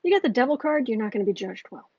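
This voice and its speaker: A woman's voice: fairly high pitch, expressive, rapid-fire, darkish tone, breathy edge, no echo, dull audio. A woman hosting a livestream tarot reading, heated and ranting, often restarting her sentences. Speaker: tarot reader and channel host.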